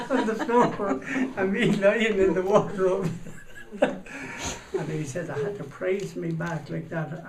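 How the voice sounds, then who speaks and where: A man telling a comic anecdote in a rambling way, acting out the shouts of the people in it. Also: on the high side. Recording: echoey room, mic far off, noisy.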